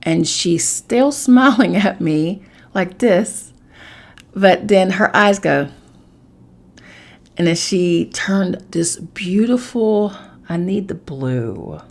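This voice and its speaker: A woman hosting a podcast, telling a personal story in a casual, animated way and swearing freely. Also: on the low side, takes it slowly. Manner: animated, swearing, acts out voices of others. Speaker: podcast host.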